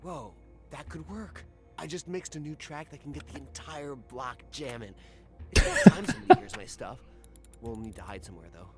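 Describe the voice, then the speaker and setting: A man's voice: medium pitch, moderate pace, music in the background, lightly acted. A man playing a cocky young DJ. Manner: eager, boastful. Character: cocky young male DJ, eager and joking.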